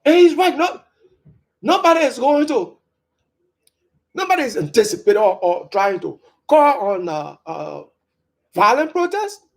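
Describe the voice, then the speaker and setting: A political commentator and writer from Liberia, delivering emphatic opinion commentary with sharp upward stresses. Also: mid-range voice, very animated, a little slow, vocal fry, long pauses.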